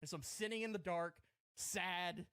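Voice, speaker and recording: A man's voice: sits high, moderate pace, sharp tone, clean tone, no echo. A man on a podcast telling a self-mocking comic story, rambling and breaking into laughter. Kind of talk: casual comedic storytelling.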